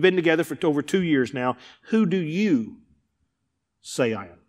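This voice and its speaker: A man's voice: on the high side, expressive, moderate pace. A male pastor preaching a sermon, driving points home with emphatic repetition. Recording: hall with long reverb.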